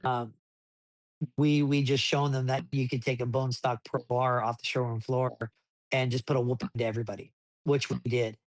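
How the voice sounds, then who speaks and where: A man telling racing stories in a casual interview, rambling with many restarts and getting animated as he recounts events. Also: mid-range voice, normal speed, no room sound. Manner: rambling with frequent restarts, animated when retelling. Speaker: desert racing driver, podcast guest.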